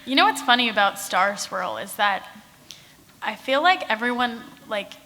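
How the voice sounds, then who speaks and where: A woman's voice: fairly high pitch, big pitch swings, normal speed, sharp tone, a little hiss or hum. A woman author answering questions at a casual convention panel, giggly and full of fillers. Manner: giggly, uses lots of fillers. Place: large convention hall. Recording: echoey convention hall.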